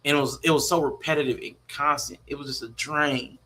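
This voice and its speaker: A man co-hosting a podcast in casual chat, telling a family story in an animated way. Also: fairly high pitch, brisk. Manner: animated storytelling, slipping into mock voices. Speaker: podcast co-host.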